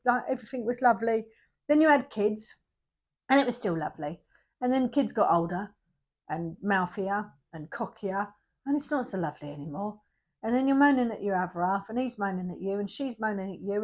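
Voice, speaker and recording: A middle-aged woman with a medium-pitched, somewhat dark voice gives a casual tarot reading. She's chatty and emphatic, repeating herself for effect, with bursts of energy.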